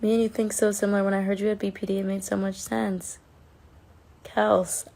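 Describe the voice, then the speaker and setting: A woman's voice: medium pitch, flat delivery, fairly quick, creaky, dark tone. A woman chatting casually on a phone livestream, reading and answering fan comments in an affectionate way and swearing now and then.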